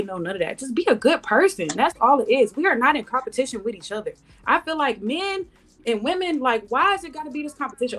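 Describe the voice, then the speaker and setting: A woman's voice: sits high, expressive, quick pace, a bit bright. A woman panelist on a podcast, speaking bluntly and passionately in slangy casual talk. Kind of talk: heated podcast debate. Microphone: studio podcast mic.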